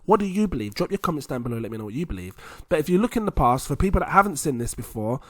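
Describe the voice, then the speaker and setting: A man hosting a video, talking viewers through charts in a chatty, animated way. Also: on the high side, very fast, dry recording. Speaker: crypto video host. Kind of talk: casual chart commentary to viewers.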